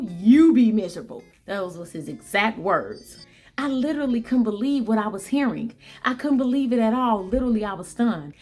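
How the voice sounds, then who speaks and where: Upbeat lady telling her temp job story to the camera, keeps repeating stuff, bit high voice, faint music behind. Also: normal speed, slightly rough. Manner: animated, repeats phrases for emphasis, talks to viewers; bubbly, upbeat. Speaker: vlogger telling a work story. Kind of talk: storytelling monologue.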